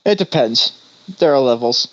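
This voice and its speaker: A man co-hosting a podcast, telling a rambling story in casual chat and laughing often, with a deadpan delivery when quoting himself. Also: mid-range voice, normal speed, lo-fi sound. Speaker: podcast co-host.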